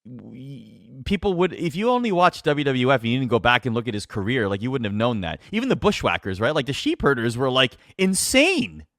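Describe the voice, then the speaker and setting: A man's voice: mid-range voice, big pitch swings, a little fast, few pauses, a bit bright, no echo, studio quality. A man, a wrestling announcer, tells stories in casual chat with lots of animation, laughter and fillers. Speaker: wrestling announcer, podcast guest.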